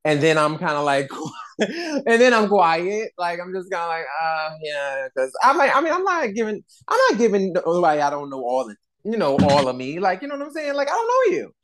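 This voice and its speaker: Animated, laughing male podcast co-host. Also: high voice, a little fast. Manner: animated, laughs often, slangy. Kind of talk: casual chat.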